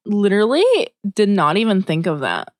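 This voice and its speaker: Woman, casual co-host, lively swinging pitch, swears a lot, acts out quotes; dry close mic. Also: moderate pace, no room sound. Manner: animated storyteller, swears freely, acts out quotes. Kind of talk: casual chat.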